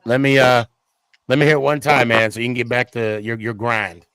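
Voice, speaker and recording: A man's voice: medium pitch, level tone, fairly quick, smooth, dry recording. A man hosting a casual call-in sports podcast, talking loosely with slang and thanking his guests. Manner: laid-back, slangy, thanks guests warmly. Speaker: podcast host.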